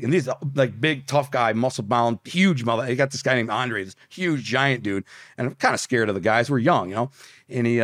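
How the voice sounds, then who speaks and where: A man's voice: medium pitch, no echo, clean studio sound. A man from Detroit, a podcast guest, telling a brash street story and swearing freely. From Detroit, USA. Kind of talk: storytelling interview.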